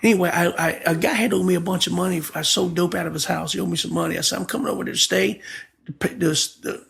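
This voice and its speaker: High, gravelly pastor telling his story. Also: fairly even intonation, fast talker, fairly bright tone. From Florida, USA. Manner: vivid storyteller acting out quoted dialogue, emphatic. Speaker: pastor telling his testimony as a podcast guest. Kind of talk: conversational testimony storytelling.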